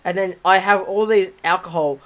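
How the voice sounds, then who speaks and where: A man's voice: high-pitched, steady tone, moderate pace, fairly bright tone. Rambling young Australian guy telling stories. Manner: rambling, swears a lot, laughs at his own stories. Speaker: livestreamer. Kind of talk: casual storytelling on a livestream.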